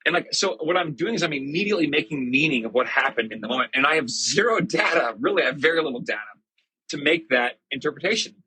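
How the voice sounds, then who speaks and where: A man's voice: on the high side, animated, fast, pushed and bright, husky, no echo, poor audio. A middle-aged man telling a personal story in a casual, reflective monologue, chatty and self-deprecating with many fillers. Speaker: church podcast host.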